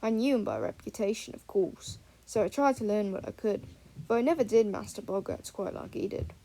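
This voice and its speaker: A woman's voice: medium pitch, expressive, fairly quick. A woman doing an easygoing old-school wizard professor. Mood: reassuring. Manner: warm, reassuring and chatty.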